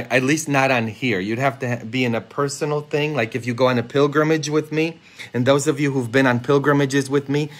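A man's voice: mid-range voice, a bit bright. A man, a priest, giving a chatty homily on a live stream, playfully talking straight to viewers and laughing at his own jokes. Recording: live social media stream.

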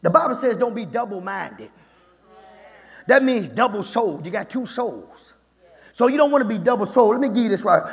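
A man with a very high, gravelly voice preaches a fervent sermon as pastor. His tone is husky and raspy, and he keeps returning to "my God" as he builds toward shouting. The sound carries a long, echoing reverb from a church hall. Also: very animated, fairly quick. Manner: fervent, repetitive, peppered with "my God", rises to shouting. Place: church sanctuary.

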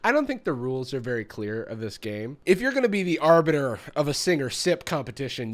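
A man's voice: mid-range voice, wildly swooping pitch, a little fast. A man hosting a comedic reaction commentary, sarcastic and mocking, laughing often. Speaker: YouTube host reacting to videos.

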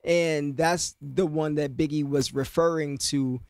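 A man's voice: a little high, fairly even intonation, a little slow, dry recording. A man casually explaining rap lyrics, half-rapping the lines and then talking them through with lots of "you know what I mean.". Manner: loose, conversational, many fillers like "you know what I mean".

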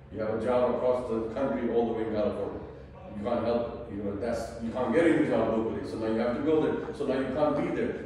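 A man giving a parenting class as an imam, speaking in an animated way. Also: medium pitch, slight background noise. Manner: animated, acts out quoted family members. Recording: echoey hall from far off.

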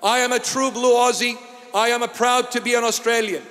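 A man from Iraq, a bishop giving an emphatic, deliberate sermon-style address that rises at times to shouting. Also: very high-pitched, fairly even intonation, long reverb tail.

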